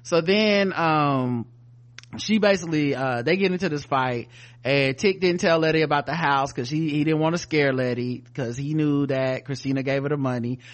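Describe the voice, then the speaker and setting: Animated man recapping a TV episode. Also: a little high, moderate pace. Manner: animated storyteller acting out characters' lines. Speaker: podcast co-host reviewing a TV episode. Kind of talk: casual profane recap chat.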